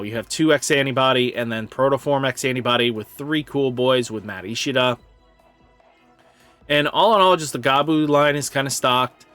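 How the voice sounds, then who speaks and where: A man's voice: mid-range voice, bright, forceful tone, no echo. Chatty man breaking down card decks. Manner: enthusiastic, rambling with fillers like "you know" and "kinda". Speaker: card game YouTuber. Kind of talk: casual deck-list commentary.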